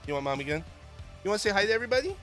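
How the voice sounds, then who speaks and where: A man's voice: high-pitched, sing-song, rapid-fire, over loud music. A man hosting a livestream, chatting casually and joking with viewers in a rambling way. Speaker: stream host.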